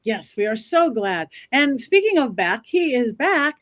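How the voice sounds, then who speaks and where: A woman hosting a panel show, welcoming guests in an upbeat manner. Her voice is a touch high and moves all over the place. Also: big pitch swings, measured pace. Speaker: podcast host.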